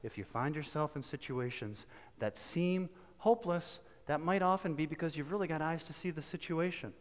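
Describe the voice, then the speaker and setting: A man's voice: fairly high pitch, normal speed, in a large hall. A male pastor giving a sermon in a conversational, folksy manner, often restarting his phrases. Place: church sanctuary.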